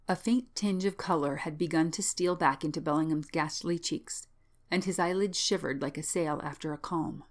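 Woman narrator, low voice, measured storytelling. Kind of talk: scripted narration.

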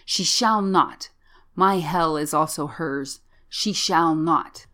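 A woman's voice: sits low, flat delivery, a little slow. A woman voicing an ancient, twisted, frog-like man of the marsh in a whispered role-play, breathless and quavering. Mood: slow screaming.

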